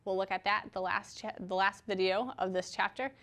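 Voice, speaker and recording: In a recorded chemistry lecture, a woman with a medium-pitched, fairly bright voice speaks at normal speed with fairly even intonation. She explains patiently and conversationally using everyday examples, often checking in with "okay?"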